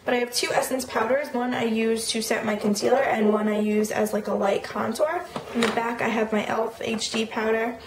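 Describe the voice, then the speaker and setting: A young woman with a slightly high voice chats her way through her makeup collection, naming product after product in a relaxed, filler-dotted way. The sound is roomy and echoey. There is an audible hiss of noise under her voice. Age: young adult. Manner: chatty, lists items quickly with fillers. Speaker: beauty vlogger. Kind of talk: casual product walkthrough. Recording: echoey room with noticeable noise.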